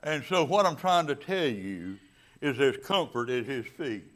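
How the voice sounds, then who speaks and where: A man preaching a sermon. He drops to soft, low passages and builds to loud, emphatic climaxes, stretching key words slowly and adding casual asides to the congregation. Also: sing-song.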